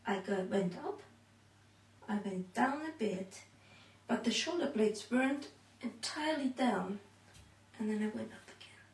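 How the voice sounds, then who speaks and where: A woman demonstrates exercises at home and counts each repetition slowly while she moves. She sounds a little out of breath. Her voice comes from some distance away, in an echoey room. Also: a little high, lively intonation. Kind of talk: counting through a workout demonstration. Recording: echoey room, mic far off.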